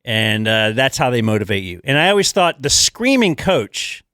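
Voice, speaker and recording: A middle-aged talk show host sets up a long, rambling question in casual chat. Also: male voice, mid-range voice, big pitch swings, moderate pace, bright, forceful tone, dry recording, studio quality.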